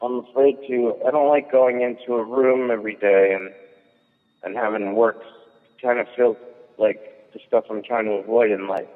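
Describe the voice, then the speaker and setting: A man's voice: mid-range voice, steady tone, normal speed. A male comedian chatting casually, telling a rambling story with many fillers and restarts. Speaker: guest comedian. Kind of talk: casual chat. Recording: thin phone-like sound with long echo.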